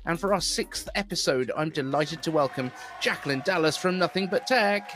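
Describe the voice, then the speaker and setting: A man's voice: fairly high pitch, moderate pace, a bit bright, a little hiss or hum. A man from southeast England with a neutral southern British accent, hosting a podcast in a chatty, rambling, self-deprecating way. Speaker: podcast host. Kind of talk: casual chat.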